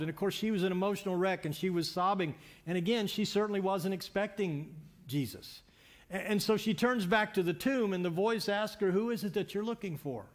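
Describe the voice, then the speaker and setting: A man preaching as a pastor in a church, telling a story conversationally with frequent restarts and repeated words. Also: high-pitched. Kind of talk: sermon.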